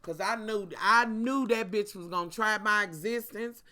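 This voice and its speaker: Bright-voiced sassy vlogger. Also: medium pitch, normal speed. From Kentucky. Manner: sassy, profane, talks straight to viewers. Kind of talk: casual storytime rant.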